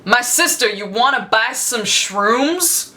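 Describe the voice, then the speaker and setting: A woman's voice: lively intonation, takes it slowly, sharp tone, exaggerated voice. A woman doing a pushy bus hustler. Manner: insistent, repetitive sales pitch. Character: pushy young man peddling drugs on a bus.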